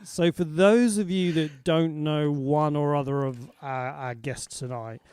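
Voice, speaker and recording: A British man hosts a music livestream, his voice sitting a little high and chatty as he greets viewers by name. The sound is close and dry, like a video call in a small quiet room. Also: fairly even intonation, unhurried, clear, resonant tone, no echo. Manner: chatty, warm greetings to viewers, laughs easily. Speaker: music show host. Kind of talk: casual livestream chat.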